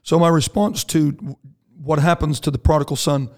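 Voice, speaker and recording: Pastor explaining scripture on a podcast. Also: male voice, fairly high pitch, steady tone, moderate pace, a little mellow. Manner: thoughtful, explains scripture step by step. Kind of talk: casual podcast chat.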